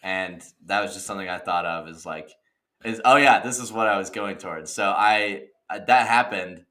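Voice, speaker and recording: A man in his twenties co-hosting a podcast, telling stories in a casual, excitable way with laughter and exaggeration. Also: deep voice, moderate pace. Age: 20s. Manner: excitable, exaggerated retelling with laughter and mild cursing. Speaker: podcast co-host. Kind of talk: casual chat, animated storytelling.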